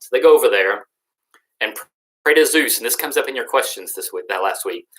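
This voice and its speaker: A man's voice: mid-range voice, lively intonation, a little fast, fairly bright tone, low-quality recording. Casual, slangy young male teacher. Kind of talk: casual recorded lesson recap.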